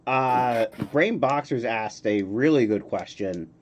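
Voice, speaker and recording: A man hosting a casual streamed interview, relaxed and halting, reading questions from chat. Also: medium pitch. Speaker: podcast host.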